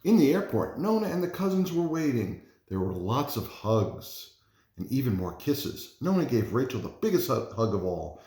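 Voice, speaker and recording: Dad reading a kids' picture book out loud, lively up-and-down voice, echoey room. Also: male voice, medium pitch, normal speed. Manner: expressive, animated storytelling. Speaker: parent reading aloud. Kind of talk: storybook read-aloud. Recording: roomy echo.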